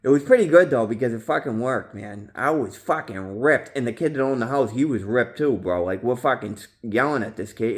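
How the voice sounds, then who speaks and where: A man talking casually to his viewers about recovery, rambling with slang, swearing and many fillers, jumping loud and high when he acts out his own past yelling. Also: lively intonation, a little fast, few pauses. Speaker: vlogger in recovery. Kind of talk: casual monologue to camera.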